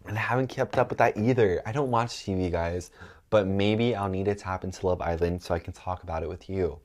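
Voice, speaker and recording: A man's voice: deep voice, fairly quick. A young man vlogging in casual chat, rambling with lots of ums and likes, sounding stuffed up. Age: young adult.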